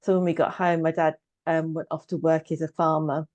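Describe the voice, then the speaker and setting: A woman's voice: low voice, flat delivery, fairly quick, a little mellow, no room sound, muffled recording. Give me a woman in her fifties telling her story plainly and evenly, close and dry on the mic. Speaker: guest, trauma coach and therapist. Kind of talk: personal story in casual conversation.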